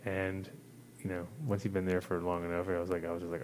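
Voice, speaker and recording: Rambling, profane man, lowish voice. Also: little pitch movement, quick pace, slight background noise. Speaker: host. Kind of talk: casual storytelling chat.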